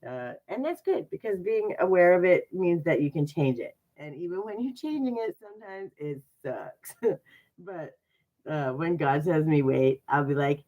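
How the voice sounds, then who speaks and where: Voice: mid-range voice, expressive, moderate pace, low-quality recording. A horoscope reader in a casual live-stream reading, chatty and earnest, with sarcastic asides.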